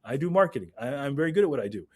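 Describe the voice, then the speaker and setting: A man putting on a slick, smooth-talking male marketing executive who speaks with brash confidence. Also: big pitch swings, rapid-fire, darkish tone. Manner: brash, confident sales pitch.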